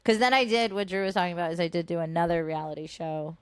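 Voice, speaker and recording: Animated, foul-mouthed woman telling stories. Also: fairly low pitch, fast talker, clean tone, no echo. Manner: animated, heavy swearing, acts out quoted voices. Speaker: podcast co-host. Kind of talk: casual storytelling chat.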